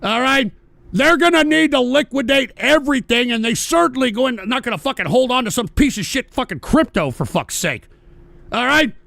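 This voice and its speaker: A man hosting a livestream, delivering a profane, sarcastic political rant that often breaks into shouting. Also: extremely high pitch, animated, moderate pace, vocal fry, no echo. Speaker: livestream host.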